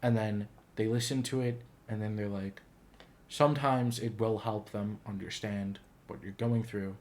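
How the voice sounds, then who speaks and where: A man hosting a casual reaction video, talking in an earnest, heartfelt, gushing way. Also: medium pitch. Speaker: YouTube reaction host.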